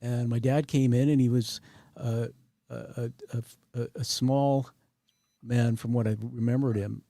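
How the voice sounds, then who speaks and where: An earnest man hosting a heartfelt interview, talking openly and reflectively. His voice is mellow and warm, and the recording is dry and close. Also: medium pitch, fairly even intonation, unhurried, gravelly, no room sound. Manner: earnest, sharing a personal story. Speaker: podcast host. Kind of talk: emotional interview conversation.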